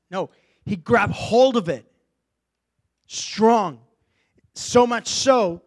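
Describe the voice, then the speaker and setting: A male preacher delivering a sermon, rising from quiet storytelling to loud, impassioned exhortation. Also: high-pitched.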